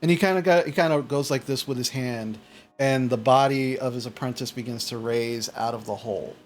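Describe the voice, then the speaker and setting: A man's voice: mid-range voice, brisk, slight background noise. Rambling male game master. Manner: rambling, full of fillers and restarts. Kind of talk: narrating a tabletop game.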